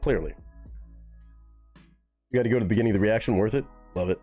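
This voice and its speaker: A young man hosting a live music reaction stream, talking casually and excitedly to his chat with plenty of swearing. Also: fairly low pitch, fast talker. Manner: excitable, profane, talks straight to chat.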